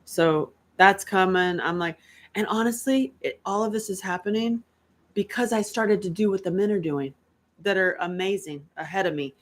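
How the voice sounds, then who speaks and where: A middle-aged woman from North Carolina hosting a casual live-stream chat, candid and animated, laughing often and tossing in quick asides. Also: mid-range voice. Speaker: host.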